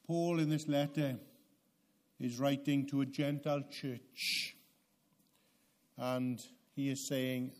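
A man preaching a sermon, swinging from loud emphatic peaks down to low, quiet passages with dramatic pauses. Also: level tone. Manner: slow, deliberate delivery with dramatic pauses.

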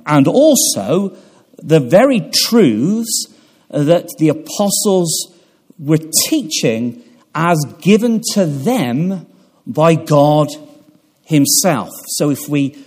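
A man preaching a sermon in a chapel, measured and pausing, building to emphatic peaks. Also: a little high, sing-song, a little mellow. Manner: measured delivery with pauses and fillers, swelling for emphasis.

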